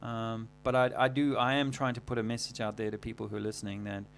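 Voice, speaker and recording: A man hosting a livestream, talking casually in a rambling, halting way full of fillers and restarts. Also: lowish voice, flat delivery, gravelly, a little hiss or hum. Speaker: livestream host.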